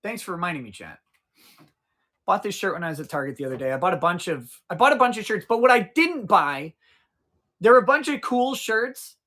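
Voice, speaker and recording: A man's voice: high voice, bright, forceful tone. A man in his forties hosting a casual livestream outdoors, rambling, swearing freely and answering his chat. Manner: profane, rambling, talks to chat. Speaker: livestream host.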